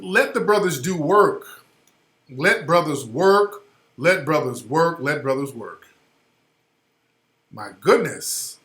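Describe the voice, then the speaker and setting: A high-voiced male radio host rants through his commentary, blunt and profane, and hammers his points with repetition. His tone is bright and sharp, and the room gives it a roomy echo. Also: expressive, slow, pauses often. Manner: blunt, profane, ranting, repeats phrases for emphasis.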